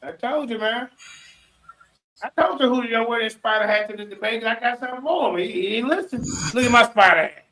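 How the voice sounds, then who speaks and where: A high-pitched man calls a debate for his viewers, boastful and full of slang. His voice is bright and forceful, and he talks in quick bursts. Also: rough recording. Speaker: debate commentator. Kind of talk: casual stream commentary.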